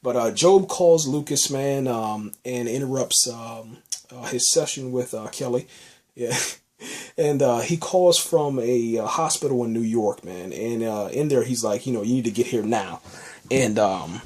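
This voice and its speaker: Man, mid-pitched, rambling podcast recap, excitable, fillers like "man" and "you know". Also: a little slow. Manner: excitable, enthusiastic about the show. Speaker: podcast host reviewing a TV episode. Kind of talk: casual spoken recap.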